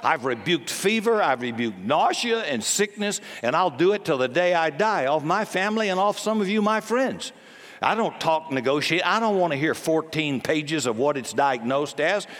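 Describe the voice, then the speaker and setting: Forceful preacher in a reverberant hall. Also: male voice, a little high, animated, moderate pace. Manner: forceful, blunt preaching with jokes and sudden commands. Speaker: pastor. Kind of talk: sermon.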